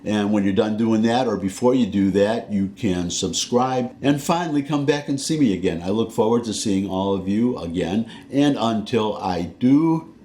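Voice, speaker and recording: A man's voice: lowish voice, animated, moderate pace, warm tone, slight background noise. A man from the American South with a Southern accent, vlogging in a rambling, folksy way and correcting himself as he goes. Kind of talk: casual talking-head monologue.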